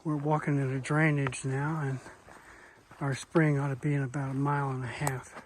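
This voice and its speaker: A man's voice: mid-range voice, little pitch movement, normal speed, a little hiss or hum. A middle-aged man vlogging outdoors on a hiking trail with a handheld camera, chatty and full of ums, with a self-mocking streak. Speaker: hiker vlogging a long trail. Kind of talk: casual trail vlog.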